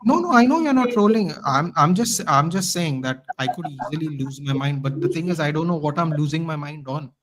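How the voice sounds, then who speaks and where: Man ranting, fairly high voice. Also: fairly quick, few pauses, a crowd in the background, rough recording. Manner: animated ranting. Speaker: guest fan commentator. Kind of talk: casual podcast chat.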